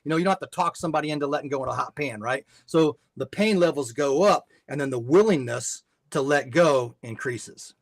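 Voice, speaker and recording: A man's voice: on the high side, fairly quick, few pauses. An older man, a guest on a faith podcast, telling a story and giving advice in an earnest way, often repeating words as he restarts.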